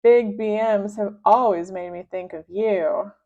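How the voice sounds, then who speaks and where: A woman voicing a wisecracking schoolboy who teases in a high, cheeky voice. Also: a little slow, warm tone, close to an everyday voice. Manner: cheeky, teasing, high-pitched. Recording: dull low-fidelity sound.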